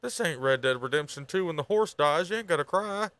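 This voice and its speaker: A man with a high, very lively voice chats casually through a stream while he reacts to a video. His tone is bright and forceful, and he swears and laughs freely. The sound is dry and close. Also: a little fast, no echo.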